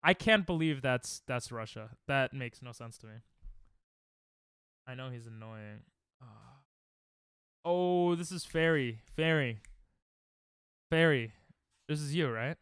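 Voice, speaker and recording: A young man streaming a game, chatting casually and reacting excitably to chat on a headset mic. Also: medium pitch, takes it slowly, long pauses, smooth, no echo, studio quality. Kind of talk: casual live-stream chatter while gaming.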